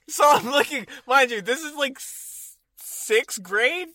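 Laughing, bright-voiced young man. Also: extremely high pitch, a little slow, no echo, clean studio sound. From Texas. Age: 20s. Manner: laughing, animated storyteller who acts out voices. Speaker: podcast co-host. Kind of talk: casual storytelling chat. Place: in a car.

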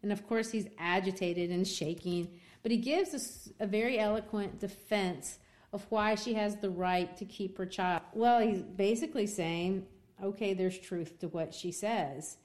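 A woman's voice: mid-range voice, a little slow, a little mellow. A woman teacher retelling a novel to a class in a casual, chatty way with many fillers. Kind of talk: classroom literature lesson.

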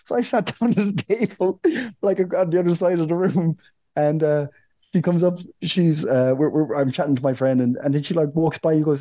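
An Irish man co-hosting a podcast, telling stories in casual chat, animated and cursing freely. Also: a little high, brisk, dull audio. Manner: animated, swears freely, repeats words while storytelling. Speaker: podcast co-host.

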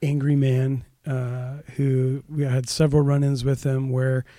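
A male pastor telling a personal story in a casual podcast chat, lively when he acts out what people said. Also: mid-range voice, a little slow, no echo, clean studio sound. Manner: animated storyteller, raises voice for quoted dialogue.

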